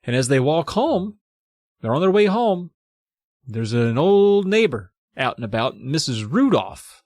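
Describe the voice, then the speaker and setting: Man, casual podcast chat, relaxed storytelling, dry close sound. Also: on the high side, measured pace, dry recording. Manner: laid-back, swears, acts out characters. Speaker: podcast co-host. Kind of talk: casual chat, recapping a book.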